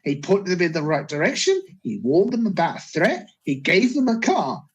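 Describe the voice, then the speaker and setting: A podcast co-host walks through a movie plot in casual review chat, steady and correcting small slips along the way. The voice is husky and sits at a middling pitch. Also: normal speed, highs cut off.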